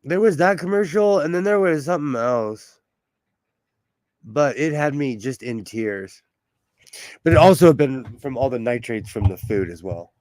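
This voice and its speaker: A man's voice: medium pitch, expressive, moderate pace, a little mellow, no room sound. A man from Southern California with a Southern Californian accent, chatting casually with his chat while hosting a sewing livestream at home and laughing often. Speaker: livestream host.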